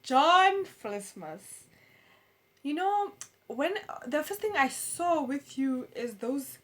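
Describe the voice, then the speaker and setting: High-voiced woman roasting. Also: big pitch swings, slow, fairly bright tone. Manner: teasing, stammering restarts, laughs at own jokes. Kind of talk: stand-up roast. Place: comedy roast stage.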